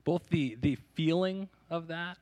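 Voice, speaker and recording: A man preaching a sermon at a church service, reading scripture with dramatic emphasis and breaking into lively, joking asides. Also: a little high, a little slow, no echo. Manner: animated storytelling with asides and jokes. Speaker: pastor.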